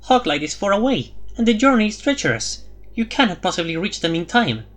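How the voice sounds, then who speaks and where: A man's voice: high-pitched, sing-song, fairly quick, a bit bright, voice pushed up. A man voicing a cold, calculating woman envoy in an audiobook, curt and skeptical. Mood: urgent. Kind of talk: audiobook character voice.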